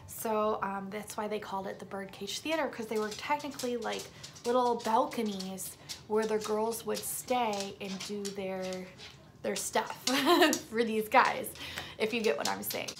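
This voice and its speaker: This woman, nursing a sore throat, recounts a story to her viewers at a measured pace. Her mid-range voice stays casual and emphatic, occasionally falling to a whisper, with background noise behind her.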